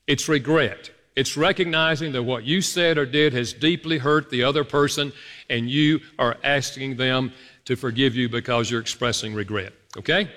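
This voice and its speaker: A man's voice: medium pitch, normal speed, a bit bright. A man giving an earnest, emphatic teaching talk to an audience, speaking directly to his listeners. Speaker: speaker on marriage and apology. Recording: long hall reverb.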